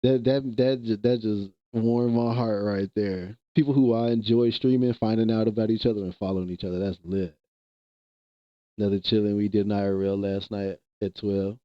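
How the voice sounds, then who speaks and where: A man's voice: on the low side, steady tone, moderate pace, no room sound, dull audio. A man streaming live, chatting casually with viewers in loose slang and laughing often.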